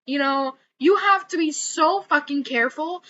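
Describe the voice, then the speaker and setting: A young woman vlogs an angry rant in a high-pitched, sharp voice at a moderate pace, with dull audio. She's heated and swearing, repeating words as she builds up heat.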